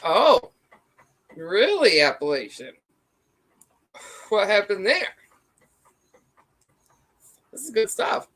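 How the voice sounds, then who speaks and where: A woman's voice: mid-range voice, very animated, slow pace, pauses often, fairly bright tone, rough recording. A woman in her thirties chatting casually on a livestream, rambling, reacting to chat and swearing freely.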